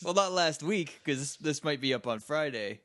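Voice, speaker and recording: A man's voice: a little high, lively intonation, normal speed, a bit bright, dry recording, studio quality. A man co-hosting a casual podcast, tossing in short teasing quips. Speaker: podcast co-host. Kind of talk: casual chat.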